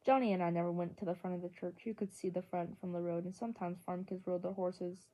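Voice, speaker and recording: A woman's voice: lowish voice, flat delivery, fast, dark tone. A woman reading a novel chapter aloud in an earnest way, with small slips and restarts. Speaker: audiobook reader. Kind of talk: amateur audiobook narration.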